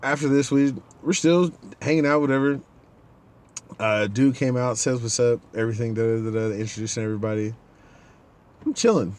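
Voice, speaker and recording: A man's voice: medium pitch, brisk. A man hosting a podcast, telling a casual story and acting out the people in it. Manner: animated, acts out the people in his stories. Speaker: podcast host.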